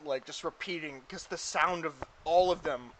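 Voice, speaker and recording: A man's voice: a little high, normal speed, fairly bright tone, poor audio. Stammering game master man. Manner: rambling, stumbling, giggly. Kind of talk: narrating a tabletop game.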